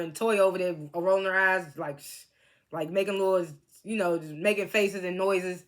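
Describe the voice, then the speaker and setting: A woman's voice: on the low side, steady tone, moderate pace. A woman casually recapping a reality TV reunion, chatty and laughing often as she quotes the cast.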